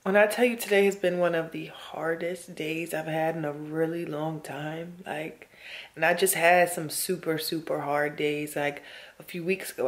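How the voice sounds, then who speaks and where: A worn-out woman talking casually to her camera in a chatty, emphatic way, often speaking straight to her viewers. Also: sits low. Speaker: vlogger.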